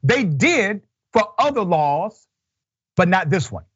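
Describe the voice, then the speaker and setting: Male commentary host, fairly high voice, emphatic and impassioned, slightly dull lo-fi sound. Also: sing-song, takes it slowly, fairly bright tone, slightly rough. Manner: emphatic, impassioned, rhetorical questions. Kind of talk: political commentary, reading news and reacting.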